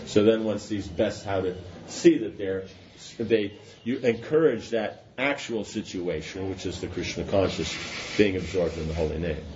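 A man with a lowish voice teaches a scripture class in a relaxed, talky way, checking in with his listeners as he goes. The recording is dull and lo-fi, with a faint hiss underneath. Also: normal speed. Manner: conversational, checks understanding with asides. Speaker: religious teacher.

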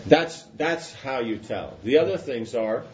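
A religious teacher leads a scripture class in a loose, conversational way, often pausing with asides to ask whether his listeners follow. His medium-pitched, darkish voice is expressive and a little slow, captured on a dull lo-fi recording with faint noise.

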